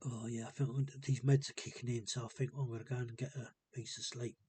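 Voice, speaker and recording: A man talking casually to camera in a hesitant, rambling and subdued way, with a gravelly, husky voice. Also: mid-range voice, level tone, fast, mellow, dry recording. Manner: hesitant and rambling, many ums. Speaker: vlogger. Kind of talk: casual personal monologue.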